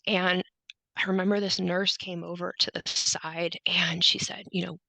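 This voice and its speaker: A woman's voice: fairly low pitch, little pitch movement, normal speed, creaky, pushed and bright, no echo, rough recording. A woman guest on a podcast, telling her story in conversation and often quoting herself and others.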